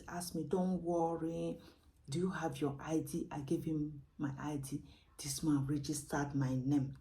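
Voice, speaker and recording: A woman with a Nigerian English accent telling a personal story in a vlog, emotional and animated, sometimes dropping to a whisper. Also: sits low. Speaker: vlogger.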